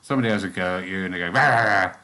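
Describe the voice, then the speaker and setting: A man leading a church group's guided meditation, then chatting casually with them in a gentle, soft-spoken way. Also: deep voice, very fast. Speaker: spiritualist church meditation leader.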